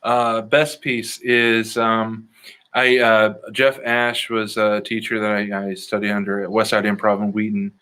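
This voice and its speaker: Earnest man with a bright voice, from the Chicago area. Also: fairly low pitch, level tone, measured pace, clean tone. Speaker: improv comedian guest. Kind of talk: casual interview answers.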